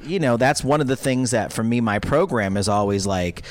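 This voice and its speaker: Man, comedian, chatty storytelling, lively voice, dry close sound. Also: mid-range voice, normal speed, no echo. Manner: animated, jokey, acts out quoted voices. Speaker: comedian guest. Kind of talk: candid conversational storytelling.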